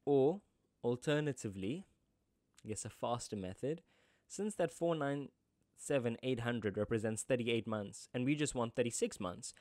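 A man's voice: mid-range voice, lively intonation, moderate pace, darkish tone, no echo, clean studio sound. A man teaching accounting in a tutorial, chatty, with joking asides. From South Africa. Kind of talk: screen-recorded tutorial.

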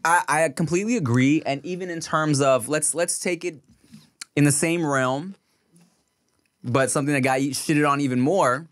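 A man's voice: a little high, normal speed. A man hosting a podcast in casual chat, with laid-back, slangy banter and frequent laughter. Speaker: podcast host.

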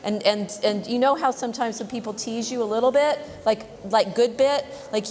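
A woman reading a picture book aloud to children in a large church, lively, pausing to ask them questions. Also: fairly high pitch, a little hiss or hum. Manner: lively, asks questions, says "right?" often. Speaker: reader to children. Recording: long church reverb.

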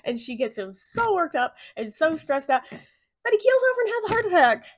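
A woman's voice: very high-pitched, very animated, normal speed, no room sound. A young woman giving a casual, profane movie plot recap, laughing often as she tells the story. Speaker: movie reviewer.

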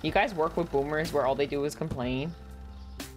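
A woman with a low-pitched voice streams from home while gaming, chatting casually and a little fast as she rambles, says "like" constantly, and gets heated when something bugs her. Faint music plays behind her.

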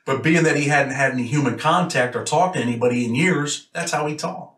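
Speaking a little fast, a man with a medium, slightly bright voice recounts a story in a blunt, matter-of-fact style. He's an ex-prisoner from Rochester in New York State, chatting casually. Echo fills the space, and the microphone is a bit far off.

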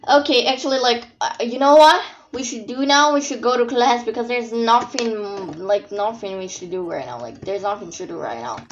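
A woman's voice: a little high, normal speed, few pauses, a little hiss or hum. A woman from Brazil giving casual, sarcastic gameplay commentary and swearing often. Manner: playful, sarcastic, swears a lot. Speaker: gameplay streamer. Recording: dull lo-fi audio with faint game music.

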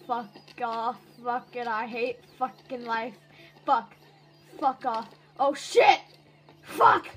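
A woman's voice: a little high, fairly even intonation, takes it slowly, husky, pitched below the performer's own voice, poor audio. A woman voicing a foul-mouthed, murderous robot in a comic voice-over dub, humming tunelessly and swearing constantly. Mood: cursing.

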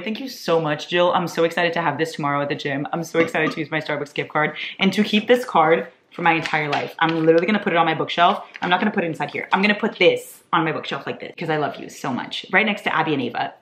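A young woman in her twenties chatting casually as a vlogger, gushing and excitable, laughing often. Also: sits low, fast, roomy sound, slight background noise. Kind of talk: casual chat.

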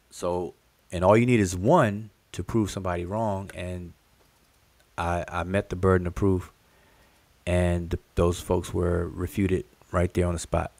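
Low-voiced man teaching on a livestream. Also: a little mellow, no echo. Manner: patient, explanatory, repeats key words and addresses the chat directly. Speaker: host teaching hieroglyphic writing. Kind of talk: livestream lesson explaining inscriptions.

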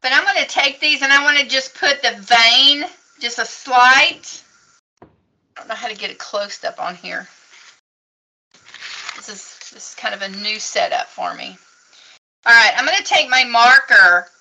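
A woman's voice: on the high side, bright, forceful tone, low-quality recording. A woman teaching a casual painting lesson at a craft table, chatty and encouraging as she explains each step. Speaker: craft instructor.

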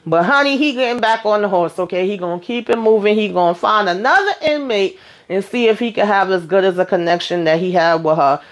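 Woman, recap host, sassy and animated storyteller, mid-pitched voice, quick exasperated asides. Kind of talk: casual episode recap.

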